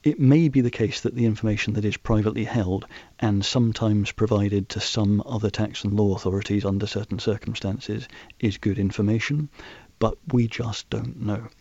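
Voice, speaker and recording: Low, husky man giving measured answers. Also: fairly even intonation, mellow, no echo, muffled recording. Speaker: guest expert on financial transparency. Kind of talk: radio interview answers.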